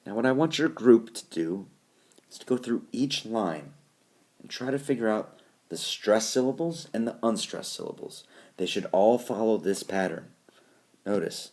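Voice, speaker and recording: A man's voice: on the low side, expressive, moderate pace, a little mellow. A man teaching a recorded lesson, explaining step by step and reciting lines with exaggerated stress. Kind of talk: recorded classroom screencast lesson. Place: voice-over recorded over a whiteboard app.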